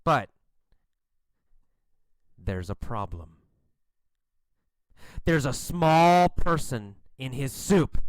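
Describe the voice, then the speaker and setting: A man narrating a short story for English learners, slow, clear and expressive. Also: mid-range voice, no room sound.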